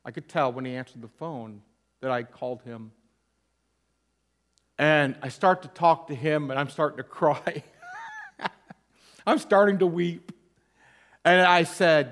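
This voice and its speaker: Here an interim pastor unhurriedly relates his own testimony, leaving long pauses between thoughts. The storytelling is candid and self-mocking yet sincere, and he softens and goes low whenever the emotion deepens.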